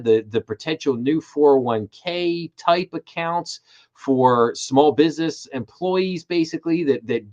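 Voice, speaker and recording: A middle-aged man hosts a live finance commentary show at a mid-range pitch. He talks with emphatic conviction and circles back on his words when fired up. The stream audio sounds slightly dull and lo-fi. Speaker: host.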